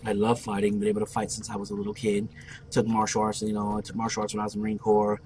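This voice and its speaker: Brash young guy, casual gaming commentary, swears freely, lively storyteller, light hiss behind. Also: fairly low pitch, quick pace. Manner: brash, profane, boastful storyteller. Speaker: gameplay commentator. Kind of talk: casual let's play storytelling.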